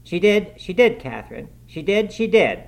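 A man's voice: medium pitch, normal speed, pitched above the performer's own voice, close to an everyday voice. A man voicing a sickly, spiteful boy who whines, taunts and whimpers in a raised voice. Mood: taunting.

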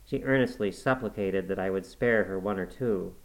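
A man's voice: sits low, normal speed, rough recording. A man reading aloud and voicing a desperate teenage girl who pleads in tears. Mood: begging. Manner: breathless, pleading, tearful.

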